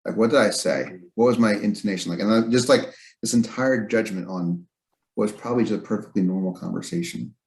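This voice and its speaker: Male podcast host, thoughtful and halting, somewhat low voice. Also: darkish tone. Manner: reflective, hesitant, many fillers. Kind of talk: casual chat.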